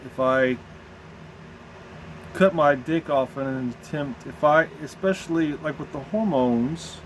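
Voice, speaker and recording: Halting man with a Southern drawl. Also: medium pitch, a little hiss or hum. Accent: American Southern. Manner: halting, searching, with many restarts. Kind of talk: candid personal vlog.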